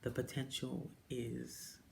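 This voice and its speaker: A woman talking casually to camera, telling her own story and jumping up high when she quotes people. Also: slow, creaky, slight background noise. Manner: animated storyteller who mimics people with high-pitched quotes and drops into whispers. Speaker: direct-sales jewelry consultant. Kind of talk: casual personal vlog monologue.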